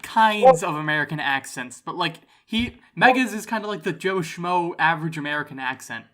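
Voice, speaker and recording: A man hosting a casual podcast, his voice bright and forward, swinging widely in pitch. He teases and keeps insisting on his point. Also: lively intonation, moderate pace. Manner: teasing, insistent. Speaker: podcast host.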